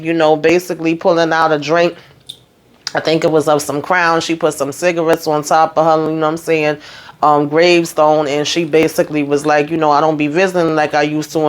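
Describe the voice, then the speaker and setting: A woman recapping a TV episode in a casual, animated way from a hot room at home. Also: low-pitched. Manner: chatty, animated, talks to viewers with "honey" and "okay". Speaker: TV recap host.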